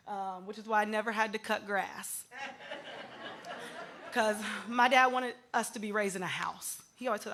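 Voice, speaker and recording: Woman, daughter delivering a funny eulogy; light storytelling delivery, high-pitched voice. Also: unhurried, long pauses, fairly bright tone. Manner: light-hearted storytelling, laughing at times. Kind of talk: eulogy with humorous anecdotes.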